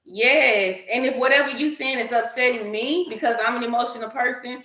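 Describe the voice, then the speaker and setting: A woman's voice: fairly high pitch, fairly quick, pushed and bright. Earnest woman in an echoey room. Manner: earnest, emphatic, explains at length. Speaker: panel guest. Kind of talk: candid group discussion.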